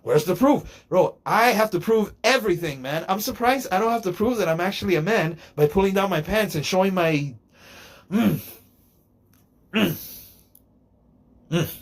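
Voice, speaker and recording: A man's voice: sits high, moderate pace, long pauses. A middle-aged man telling a casual, rambling story in a joking, digressive way. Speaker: podcaster.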